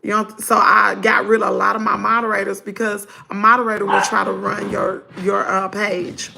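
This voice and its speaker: Gravelly animated woman. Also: mid-range voice, normal speed, noisy background. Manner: animated, talks to viewers as y'all. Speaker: vlogger. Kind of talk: storytime chat.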